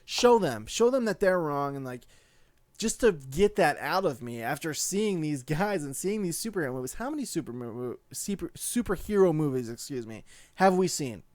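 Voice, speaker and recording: A young adult man giving a casual spoken movie review, excitable and gushing, full of "like" and "dude". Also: fairly high pitch, normal speed, dry recording.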